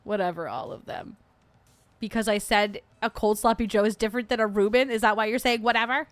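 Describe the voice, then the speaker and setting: A woman's voice: mid-range voice, normal speed, dry recording. A young adult woman hosting a casual livestream, chatty and playful, laughing often as she rants about food. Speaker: podcast host.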